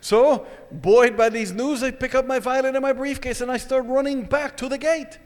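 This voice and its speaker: A man telling a personal story to an audience, retelling it in an animated, dramatic way. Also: very high voice, normal speed. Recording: echoey hall.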